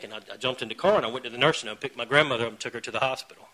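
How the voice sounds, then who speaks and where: A man sharing his own story at a recovery meeting. He talks earnestly, pokes fun at himself and now and then breaks into loud bursts. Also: medium pitch, lively intonation, racing, few pauses, slightly rough, low-quality recording. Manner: earnest, self-mocking humor with sudden loud bursts. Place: meeting room.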